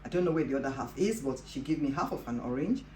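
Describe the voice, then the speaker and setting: Low-voiced woman telling a testimony. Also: expressive, fast talker, darkish tone, slight background noise. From Africa. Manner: earnest, peppered with "you know". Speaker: host of a Christian devotional show. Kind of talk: personal testimony storytelling. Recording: roomy with faint ambience.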